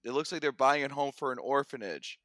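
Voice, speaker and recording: A man's voice: mid-range voice, a little fast, a bit bright, no echo, low-quality recording. A young man co-hosting a podcast, joking and teasing his friends in casual chat. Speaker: podcast co-host.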